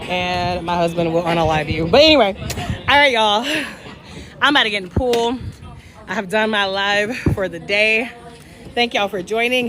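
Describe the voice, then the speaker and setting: A woman hosting a casual travel livestream from her phone, chatting to viewers as she walks and swearing casually. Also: medium pitch. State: out of breath. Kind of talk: casual livestream chat while walking.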